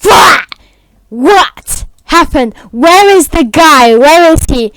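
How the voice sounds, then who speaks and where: A woman's voice: sits high, animated, normal speed, no room sound, voice pushed up, rough recording. A woman voicing baffled giant guards who exclaim in alarm.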